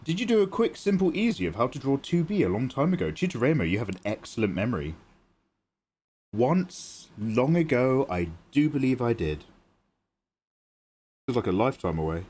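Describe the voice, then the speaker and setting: A man's voice: mid-range voice, very animated, normal speed, a little mellow, breathy edge. A British man chatting playfully and joking with viewers during a drawing livestream. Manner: playful, jokey, thanks viewers by name. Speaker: art livestreamer. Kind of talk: casual livestream chat while drawing.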